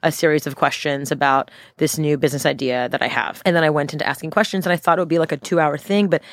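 A woman entrepreneur telling stories in a casual podcast interview, animated, laughing often and speaking in quick bursts. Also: low voice, dry recording, studio quality. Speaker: guest entrepreneur.

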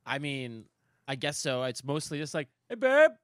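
A man in his thirties, a stand-up comedian, chatting as a podcast guest and telling animated stories. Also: medium pitch, normal speed, no echo, clean studio sound. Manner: animated storyteller, acts out quoted voices. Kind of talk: casual podcast chat.

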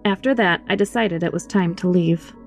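A woman reading a first-person horror story aloud in an expressive, scripted storytelling voice, with faint music behind her. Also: fairly low pitch, normal speed, vocal fry.

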